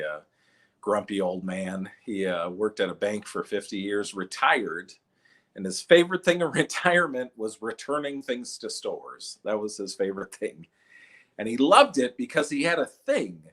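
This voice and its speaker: In stand-up comedy, a man with a medium-pitched, breathy-edged voice tells stories in an animated way, acting out the voices of the people in them.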